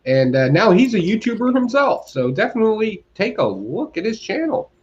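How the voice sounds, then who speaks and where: A man's voice: sits high, normal speed, muffled recording. A man co-hosting a casual comics podcast, ranting with lots of laughs. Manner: animated, ranting, laughs often. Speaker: podcast co-host reviewing comics. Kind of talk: casual chat.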